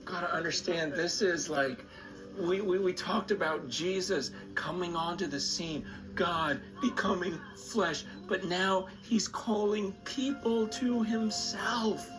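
A man preaching in a recorded sermon video, emphatic and passionate, his pitch swinging up and down. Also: slow, low-quality recording. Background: music.

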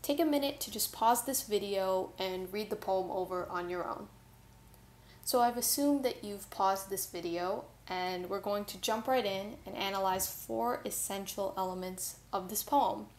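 A woman tutor giving a clear, methodical tutorial on analyzing a poem. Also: mid-range voice. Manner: clear, methodical, friendly teaching. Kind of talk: tutorial explanation.

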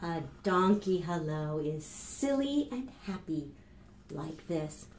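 A woman librarian leading a children's storytime, reading aloud in an animated, sing-song way and talking straight to young children. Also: lowish voice, takes it slowly, roomy sound, a little hiss or hum.

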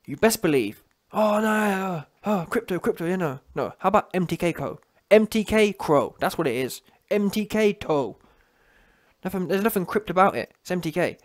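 A young man ranting mockingly as a channel host, slipping into a whiny voice to mimic people. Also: fairly high pitch. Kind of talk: ranting commentary.

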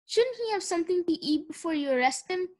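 A woman's voice: very high-pitched, expressive, fairly quick, pitched above the performer's own voice. A woman voicing a kind, doting woman who owns a pet pig in a storybook.

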